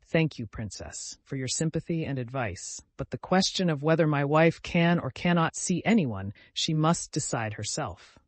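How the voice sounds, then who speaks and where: A cold, formal middle-aged official who weighs each word slowly, voiced by a male audiobook reader. The voice is dry and close to the mic, with no room sound. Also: fairly high pitch, expressive, no room sound. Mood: frigid. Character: stiff, frigid middle-aged official husband.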